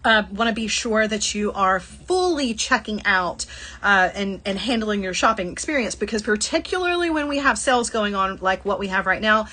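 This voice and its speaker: A woman's voice: mid-range voice, expressive, moderate pace, sharp tone. A middle-aged woman with a Southern accent hosting a live shopping stream, chatting casually, laughing often and reading out viewer comments. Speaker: livestream host. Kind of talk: casual livestream chat.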